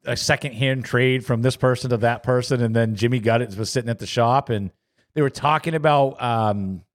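A man's voice: medium pitch, fairly quick. A man hosting a casual talk show, leading the chat and asking his co-hosts questions. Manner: leads the chat, asks questions. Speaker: show host.

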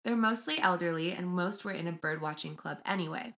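A young woman co-hosting a casual podcast, chatting and reading a story aloud with lively mimicry of voices. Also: lowish voice, brisk. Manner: animated, mimics voices when retelling. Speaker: podcast co-host.

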